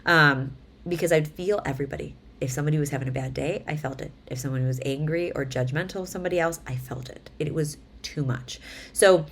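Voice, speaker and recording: A vlogger in her thirties, a mom, chats casually to the camera in an animated way, acting out quotes as she tells her stories. Her voice is low-pitched with vocal fry.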